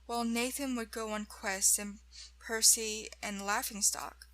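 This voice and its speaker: Slow, bright-voiced woman narrating horror. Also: fairly high pitch, steady tone, low-quality recording. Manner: slow, measured first-person telling.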